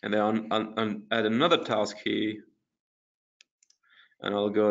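A man presenting a webinar, walking through a software demo in a casual way, with lots of fillers and restarts. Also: fairly low pitch, flat delivery, measured pace, creaky, long pauses. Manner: casual, many fillers and restarts while clicking through screens. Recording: dull lo-fi webinar audio.

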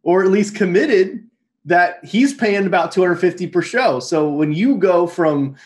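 A man hosts an interview and explains his guest's story back to him in plain terms. His voice sits a little high, and he speaks in a conversational way. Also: expressive, measured pace. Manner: sums up and explains the guest's point. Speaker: host.

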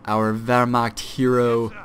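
A man's voice: mid-range voice, little pitch movement, takes it slowly, a bit bright, a little hiss or hum. A young man giving casual, self-deprecating commentary on a strategy game replay, with fillers and restarts.

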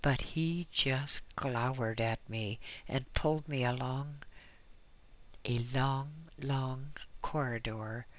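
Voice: medium pitch, takes it slowly, fairly bright tone. A reader narrating a first-person memoir with dry, wry asides. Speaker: audiobook reader.

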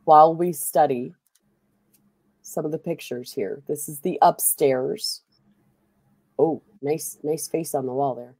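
Woman host, deep and dry, rambling storyteller. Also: slow pace, long pauses, darkish tone, dry recording. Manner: chatty, rambling storytelling with fillers. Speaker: streamer host. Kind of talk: casual chat while playing a game.

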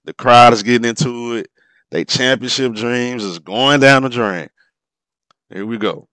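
A man giving casual, animated commentary over a basketball replay, exclaiming and reacting to each play. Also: mid-range voice, measured pace, clear, resonant tone, no room sound. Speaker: sports commentator.

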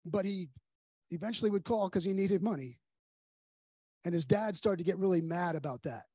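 Male pastor, earnest sermon storyteller with a higher, husky voice that hushes for grave moments. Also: normal speed, dry recording. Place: church sanctuary.

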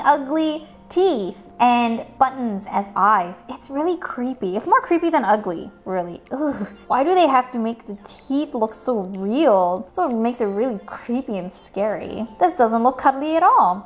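In a high voice, a woman hosts a toy unboxing video with a bubbly, playful manner. She chats through opening each item and now and then slips into goofy voices for the toys.

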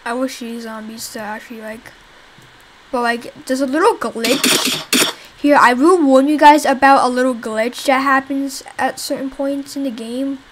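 A young woman with a high-pitched, steady voice talks a little slowly while playing a zombie game she developed herself. She rambles casually, swears at the enemies, and chats with viewers, all on a low-quality recording with a little hiss or hum.

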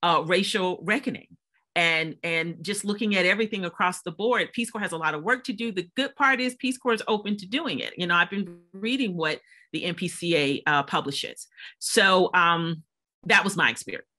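A woman speaking as a panelist and former volunteer, telling animated stories from her service over a video call. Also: on the low side, moderate pace. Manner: animated storytelling, laughs while telling. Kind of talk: panel discussion recollection.

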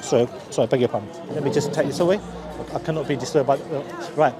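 Over music and busy street crowd noise, an East London street preacher with a Cockney accent delivers persuasive preaching outdoors on a crowded city street. He talks fast in a mid-range voice, earnest and repetitive, often restarting what he's saying.

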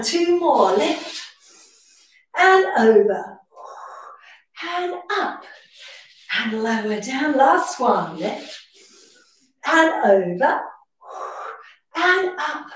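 Young female pilates teacher, high voice, slightly out of breath, heard from across a very reverberant room. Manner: breath-cued, encouraging counting. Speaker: pilates instructor. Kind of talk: guided workout instruction. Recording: echoey room, distant mic.

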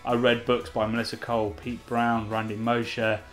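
Thirty-something guy, chatty and keen, mid pitch, faint music behind. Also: completely flat delivery, moderate pace, fairly bright tone. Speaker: co-host of a beer channel. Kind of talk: casual chat.

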